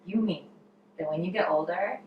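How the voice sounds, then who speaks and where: A woman's voice: lowish voice, normal speed, muffled recording. A woman guest on a podcast, chatting casually and acting out quotes as she tells stories. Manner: animated storyteller, acts out quotes, many fillers. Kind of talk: casual chat. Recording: roomy, distant mic with faint noise.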